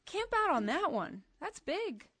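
A middle-aged woman preaching to a women's gathering, emphatic and animated, moving from soft asides to loud outbursts. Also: very high voice, unhurried, dry recording. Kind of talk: sermon.

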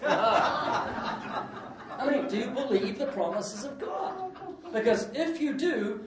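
A man preaching a sermon with lots of jokes and his own laughter, breaking into sudden loud outbursts. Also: very high-pitched, sing-song, unhurried, a crowd in the background. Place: church hall. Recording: echoey hall, distant mic, faint noise.

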